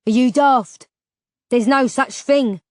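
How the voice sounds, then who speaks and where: A woman's voice: high voice, slow, darkish tone, no room sound, studio quality. A woman doing a snappish young scavenger. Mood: scoffing. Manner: snapping, curt. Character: gruff young male scavenger, hostile and suspicious.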